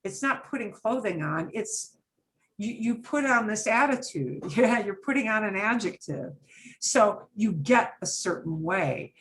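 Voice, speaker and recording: A woman's voice: mid-range voice, expressive, measured pace, fairly bright tone. A middle-aged woman teaching a Spanish class, acting out example phrases with lots of expression. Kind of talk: online class lesson.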